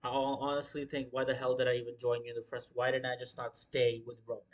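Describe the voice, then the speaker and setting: Guy ranting on his wrestling livestream, swears a ton, keeps repeating himself, normal mid pitch. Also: completely flat delivery, quick pace, dull audio. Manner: profane, emphatic, repeats himself. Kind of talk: casual livestream commentary.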